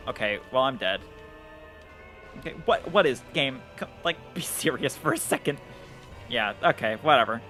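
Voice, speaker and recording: A man's voice: medium pitch, lively intonation, moderate pace, long pauses, bright, forceful tone, faint music behind. A man streaming a game live, chatting casually in a rambling way, swearing and laughing at himself. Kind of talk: casual live-stream chat while gaming.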